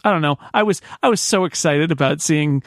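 Male podcast co-host, somewhat high-pitched, chatty and meandering, recorded dry. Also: a little fast, dry recording. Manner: rambling, self-interrupting. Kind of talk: casual chat.

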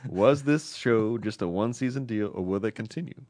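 A man co-hosting a casual podcast, animated and laughing as he reads listener mail aloud slowly. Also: on the low side. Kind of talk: casual chat.

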